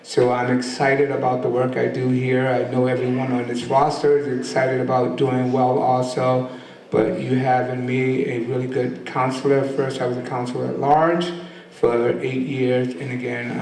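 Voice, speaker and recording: An older man giving an earnest, halting candidate speech at a community forum, with many ums. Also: medium pitch, gravelly, darkish tone. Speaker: city council candidate. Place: community meeting hall. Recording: echoey hall from far off with faint ambience.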